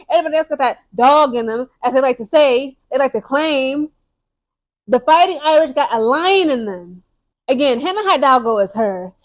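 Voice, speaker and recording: A young woman talks straight to her viewers in a casual sports vlog. Her voice sits high, and she drives her points hard, checking in with "okay?" and "guys" as she goes. She talks fast and chatty, restarting and repeating words along the way. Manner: emphatic, keeps tagging lines with "okay?" and "guys". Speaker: sports commentary vlogger. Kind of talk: casual opinionated sports commentary.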